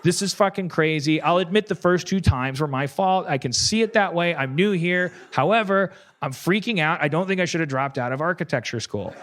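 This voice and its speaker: A nervous, rambling new worker, as a man acts him out who vents in a slightly raised voice. He sounds overwhelmed and keeps over-explaining himself. It is played as a quick bit in a live comedy set. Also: on the high side, expressive, fairly bright tone. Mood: flustered. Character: flustered new male brothel worker.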